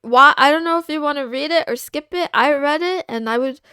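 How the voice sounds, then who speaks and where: Woman streamer, high voice, dry close mic, candid rambly chat with lots of restarts. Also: sharp tone, dry recording. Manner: halting, with many fillers and restarts; candid and confiding. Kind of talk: casual livestream chat.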